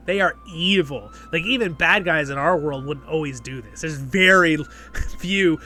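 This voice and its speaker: A man's voice: fairly high pitch, bright, forceful tone. A man hosting his channel, casually recapping and reviewing a fantasy episode, rambling and often checking in with "right?". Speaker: show reviewer and channel host.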